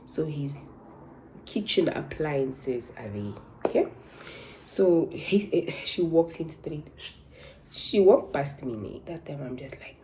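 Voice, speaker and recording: A woman's voice: deep voice, expressive, takes it slowly, mellow, a little hiss or hum, rough recording. A young woman, animatedly telling a dramatic story from her life in casual chat. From Namibia. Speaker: content creator.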